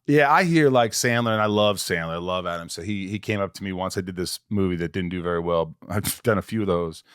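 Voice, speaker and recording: A man's voice: low voice, quick pace, fairly bright tone, smooth. A man hosting a casual interview, easygoing with self-deprecating banter. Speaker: podcast host.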